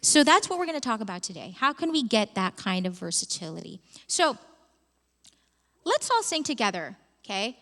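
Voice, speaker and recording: High-voiced woman vocal coach, expressive, talking to a live crowd in a reverberant hall. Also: normal speed. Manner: expressive and chatty, addresses the room. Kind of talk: live workshop teaching. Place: conference hall with live audience.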